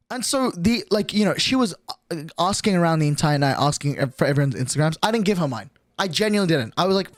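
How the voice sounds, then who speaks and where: A man's voice: on the high side, animated, fast talker, dry recording, studio quality. A young adult man streaming, telling a story casually to his chat, swearing often and filling with "like". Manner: crude, swears a lot, lots of "like" fillers.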